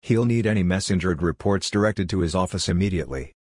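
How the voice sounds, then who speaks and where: A man's voice: low voice, fast talker, a little mellow, no room sound, studio quality. A man reading a smug, curt assistant. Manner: curt and condescending. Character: smug, dismissive young male assistant.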